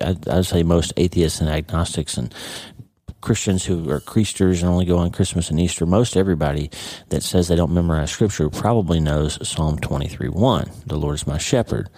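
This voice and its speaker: A man with a very low, mellow voice teaches a Bible study method in a relaxed, chatty way. He often stops to check in with "okay?" and "right?". The recording is close and dry, with no room sound. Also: dry recording. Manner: conversational, repeats words and checks in with "okay?" and "right?". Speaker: podcast host and Bible teacher. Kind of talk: casual devotional teaching.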